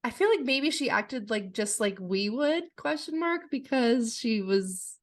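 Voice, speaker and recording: A young woman co-hosting a podcast in casual chat. She talks in a chatty way, full of "like" fillers and quick giggles. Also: a little high, lively intonation. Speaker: podcast co-host.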